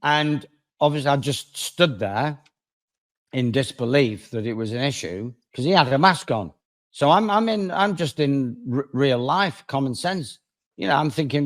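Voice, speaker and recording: A man, a lawyer appearing as a guest, telling a story in conversation with dramatic swings between loud and quiet. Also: mid-range voice, moderate pace. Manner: animated, dramatic swings in loudness.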